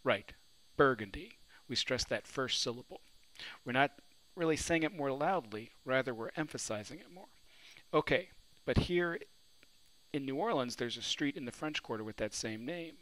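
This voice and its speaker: Here the literature teacher has a mid-range, fairly bright voice with lively intonation and normal speed. He is recording a poetry lesson in New Orleans, questioning his class and answering for them, and the recording is low quality.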